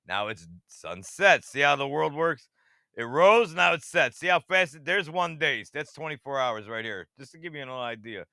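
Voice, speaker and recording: A man rambling excitedly through screen-share commentary and talking straight to his viewers, who keeps asking if they see how it works. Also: fairly high pitch, gravelly, clean tone, dry recording, studio quality. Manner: talks to viewers directly, half-mocking. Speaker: radar-watching channel host.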